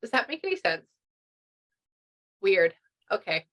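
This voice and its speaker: A woman's voice: mid-range voice, big pitch swings, measured pace, fairly bright tone. A woman doing a casual reading session as a pet medium, chatty and rambling, full of restarts and fillers.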